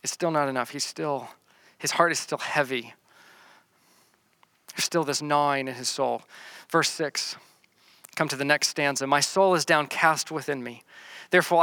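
A man preaching a sermon, reading scripture verses slowly and then explaining them in plain talk, often repeating words as he restarts. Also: fairly high pitch, sharp tone, dry recording. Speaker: pastor. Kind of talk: sermon teaching through a psalm.

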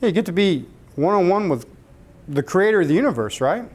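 A man's voice: high voice, sing-song, brisk. A man in his forties giving a candid, personal conversational sermon and asking his listeners questions. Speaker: speaker leading a church group.

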